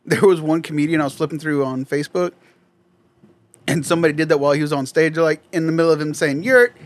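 A young man in casual, profane chat, telling animated stories to friends. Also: on the high side, fast. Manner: profane storytelling, animated impressions.

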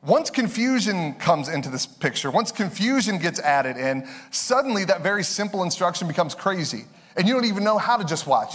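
A young man preaches in a relaxed, conversational way, slipping from scripture into quick personal asides. His voice sits a little high for a man. A long hall reverb trails after every phrase. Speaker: pastor. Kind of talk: sermon.

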